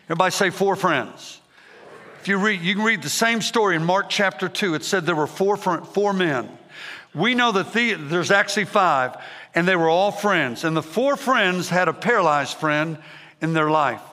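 Man, preacher, energetic, bright forceful tone, long hall reverb. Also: high-pitched, moderate pace. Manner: energetic, repetitive calls to the congregation. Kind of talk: revival sermon.

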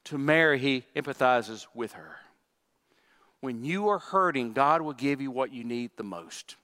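A man's voice: mid-range voice, expressive, unhurried, bright, forceful tone, in a large hall. A man preaching a sermon as pastor, emphatic, with repetitions and asides to the congregation.

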